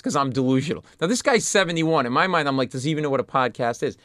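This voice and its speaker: A man from Rhode Island, a stand-up comedian telling lively anecdotes in an interview and jumping into loud voices of the people in them. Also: mid-range voice, very fast, dry recording, clean studio sound. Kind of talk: animated storytelling in an interview.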